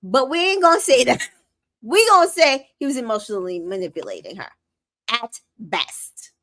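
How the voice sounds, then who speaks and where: A woman's voice: on the high side, sing-song, normal speed, a bit bright. A woman hosting a casual show recap, reading viewer comments aloud and giving sassy, opinionated reactions.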